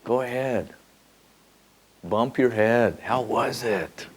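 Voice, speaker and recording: A man giving a spiritual teaching in a loose, repeating way, swinging between soft musing and sudden excited bursts. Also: mid-range voice, takes it slowly, slightly rough. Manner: repeats words and restarts often. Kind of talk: spoken teaching to a group.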